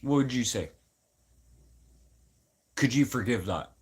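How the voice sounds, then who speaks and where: A man from Manitoba venting in a casual, unscripted talk to camera, swearing a lot and swinging from loud outbursts to low mutters. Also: animated, takes it slowly, husky. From Manitoba, Canada. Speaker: vlogger.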